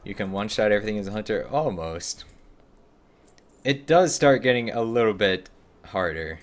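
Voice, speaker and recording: A man's voice: lowish voice, moderate pace. A man casually commenting while playing a game on a live stream, chatting with viewers between actions. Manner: relaxed, chatty, answers viewer chat between gameplay.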